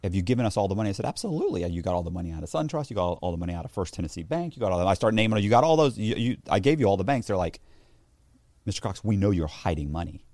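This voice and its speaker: A man with a low voice races through a story as a guest in a relaxed interview, animatedly imitating the people he quotes. There's no echo on the recording.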